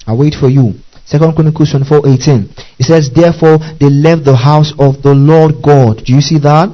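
In this dull lo-fi recording, a male pastor reads scripture slowly and carefully during his sermon, checking in with the congregation again and again. His voice is a little high and dark in tone, with fairly even intonation.

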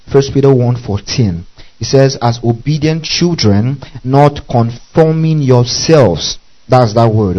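A man's voice: medium pitch, dark tone, highs cut off. A man teaching a Bible study, spelling out Greek words letter by letter and checking in often with his listeners.

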